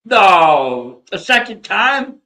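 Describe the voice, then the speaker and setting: Bright, high-voiced male podcast host. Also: sing-song, drawn-out words. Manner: reactive, profane back-and-forth. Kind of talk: casual chat.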